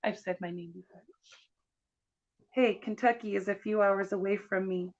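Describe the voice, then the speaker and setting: A woman co-hosting a casual livestream chat, chatty and quick to laugh, reading out viewer comments. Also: mid-range voice, steady tone, darkish tone, lo-fi sound.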